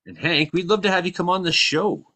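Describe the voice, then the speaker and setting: Bright-voiced man hosting a live show. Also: high-pitched, lively intonation, brisk. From Canada. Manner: rambling, laughs a lot. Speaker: podcast host. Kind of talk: casual live show chat.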